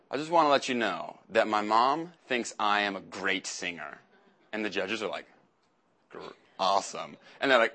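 A man's voice: lowish voice, bright, forceful tone. A young man preaching a casual sermon as a youth pastor, chatty and acting out quotes in little voices.

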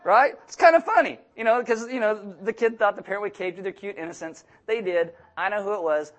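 A young man delivers a sermon with a light, joking touch. His voice sits high for a man, and he acts out the people he quotes with animated voices. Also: fairly quick, hardly any pauses. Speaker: pastor.

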